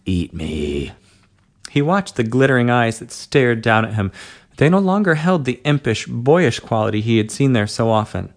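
Guy reading a story out loud, gravelly creaky voice, steady and even. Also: medium pitch, moderate pace. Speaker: narrator. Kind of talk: reading an adult story aloud.

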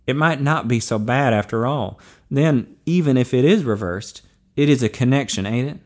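A man reading aloud, voicing a brawny, blunt adult man in a hushed, matter-of-fact way. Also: mid-range voice, lively intonation, normal speed, natural voice.

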